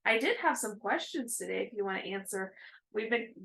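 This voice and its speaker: A woman in her thirties chats casually as a co-host, her voice carrying a gravelly fry. She rambles along with plenty of fillers and restarts, at an ordinary pitch. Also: expressive, a little fast, fairly bright tone, rough recording. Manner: rambling, chatty, with many fillers. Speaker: co-host of a cross-stitch video chat. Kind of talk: casual chat.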